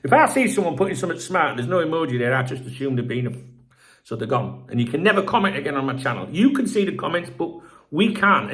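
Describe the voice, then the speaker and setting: A man's voice: on the high side, fairly bright tone. Sweary, exasperated middle-aged man. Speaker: football channel host. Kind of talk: ranting channel sign-off.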